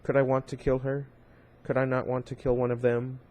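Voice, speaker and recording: A man reading a novel aloud in an informal, unpolished way. His voice sits at a middle pitch, and he trips over words now and then, correcting himself and adding brief asides. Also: monotone, a little fast, darkish tone. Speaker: reader.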